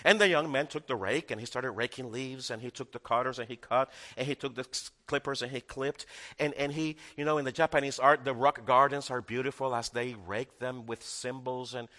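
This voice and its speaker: A man's voice: medium pitch, fairly even intonation, a little fast, bright, forceful tone, long reverb tail. A male pastor preaching a sermon, emphatic and repeating key phrases for effect.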